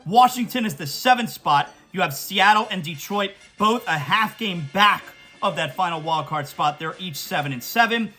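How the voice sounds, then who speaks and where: A man's voice: high voice, expressive, moderate pace, few pauses, sharp tone, faint music behind. A man hosting a sports talk show, reading scores and venting emphatically as a fan.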